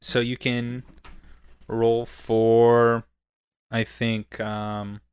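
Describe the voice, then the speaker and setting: A young man narrating a tabletop game as game master, casual and quick to laugh. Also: medium pitch, little pitch movement, clear, resonant tone, dry recording. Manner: laughs often, casual and upbeat.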